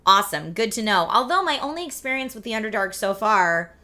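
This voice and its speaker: A woman in her forties hosts a casual live stream, chatting easily and reading viewer messages aloud. Her voice is bright and forward but slightly husky and scratchy, with a lingering cough. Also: medium pitch, expressive, brisk. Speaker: streamer host.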